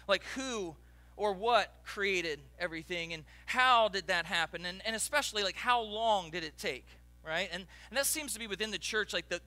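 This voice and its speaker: Guy preaching a sunday sermon, high-ish voice, really bright, chatty with lots of restarts. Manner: conversational, with many restarts and asides. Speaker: pastor.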